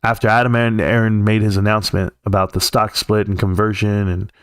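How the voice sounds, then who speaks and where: Recorded cleanly in a studio with no echo, this livestream host speaks in a smooth, lowish voice with a flat, slightly fast delivery. He's a Californian man ranting heatedly and profanely, wandering from point to point and mimicking others in mocking quoted voices.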